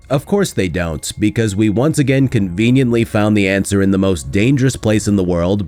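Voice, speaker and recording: A man's voice: fairly low pitch, darkish tone. A man narrating a scripted gaming video essay in a sarcastic, critical way. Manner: sarcastic, critical, mocks lines with quick put-on quotes.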